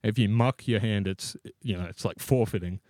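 A young man spins a rambling, self-deprecating story and laughs at himself often. His voice sits a little low, and the sound is close and very dry, with no room in it. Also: normal speed, a little mellow, dry recording. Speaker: podcast co-host. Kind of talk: casual storytelling.

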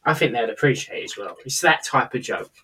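A man's voice: medium pitch, animated, a little fast, bright, forceful tone, slight background noise. A man co-hosting a casual podcast chat, mostly agreeing and adding short remarks. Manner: agreeable, chiming in with short replies. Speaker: podcast co-host.

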